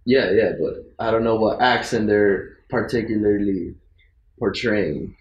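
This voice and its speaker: Host for a comedy talk show: lowish-voiced man, formal patter, echoey studio with faint ambience. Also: lo-fi sound, slight background noise. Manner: brisk, formal showman patter. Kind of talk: comic talk show hosting. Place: studio with live audience.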